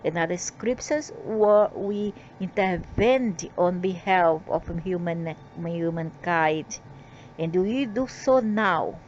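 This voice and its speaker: A woman's voice: on the low side, takes it slowly, darkish tone, lo-fi sound, a little hiss or hum. A woman reading out channeled spiritual messages in a rambling way, breaking into defiant, scolding asides.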